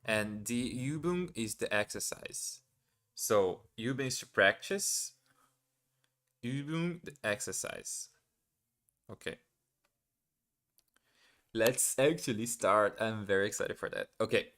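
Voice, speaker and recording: Slow, bright-toned man thinking aloud. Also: fairly low pitch, expressive. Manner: hesitant, self-questioning, repeats practice words. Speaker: live streamer learning German. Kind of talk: casual live stream, thinking aloud.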